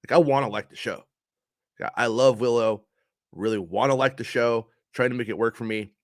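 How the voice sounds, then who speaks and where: A man's voice: mid-range voice, a little fast, no room sound, studio quality. A man giving a casual spoken review of a show, frustrated and ranting, swearing often.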